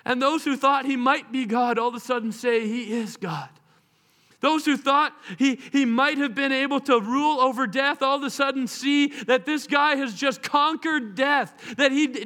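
A man preaching a sermon in a high, bright voice. He tells the story dramatically, acting out its voices and slowing down to stretch his words for emphasis. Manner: dramatic, acts out voices of people and Jesus in the story.

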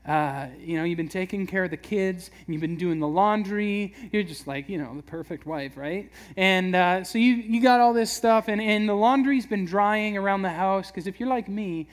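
A man giving a casual, conversational sermon, acting out quick voices for everyday scenes. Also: high voice. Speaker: preacher.

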